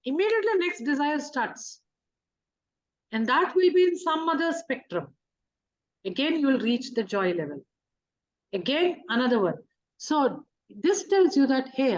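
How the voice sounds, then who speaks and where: Woman, spiritual teacher, higher voice, explanatory talk with rhetorical questions, dull lo-fi audio. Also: big pitch swings, normal speed, long pauses. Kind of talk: teaching talk on emotions and manifestation. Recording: dull lo-fi recording.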